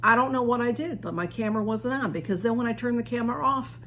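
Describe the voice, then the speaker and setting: A woman's voice: a little high, fast talker, fairly bright tone, a little hiss or hum. A woman, chatting as she unboxes a gift at home, gushing and a bit flustered. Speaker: unboxing vlogger.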